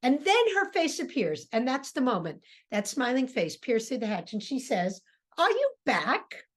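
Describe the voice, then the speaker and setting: Woman lecturing on theater, full of fillers. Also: moderate pace. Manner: thoughtful, with frequent fillers and restarts; acts out quoted lines with lively pitch jumps. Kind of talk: informal classroom lecture.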